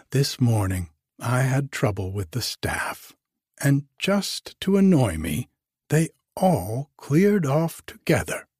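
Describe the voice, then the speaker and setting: A woman's voice: extremely low pitch, a little mellow, breathy edge, no room sound, clean studio sound, pitched above the performer's own voice, heavily acted. A man voicing a cheerful Welsh hotel manageress with a lilting, apologetic way of talking.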